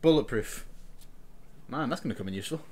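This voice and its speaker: Animated, foul-mouthed gamer man from Liverpool. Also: medium pitch, slight background noise. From Liverpool, England. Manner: rambling, swears, quick to argue. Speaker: co-player. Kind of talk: casual gaming banter.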